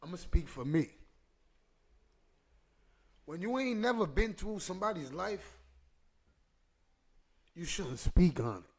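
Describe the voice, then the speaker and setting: A man with a slightly high voice tells a personal story on his podcast, heavy on street slang and repeated lines. He sounds emotional and close to choking up as he talks. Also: expressive, takes it slowly, long pauses, a little mellow. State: emotional, choked up. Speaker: podcast host.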